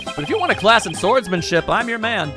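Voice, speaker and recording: A man voicing a cold, menacing male prosecutor with a swordsman's air, speaking slowly and dryly, with game music behind. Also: sits high, expressive. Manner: slow, dry, menacing.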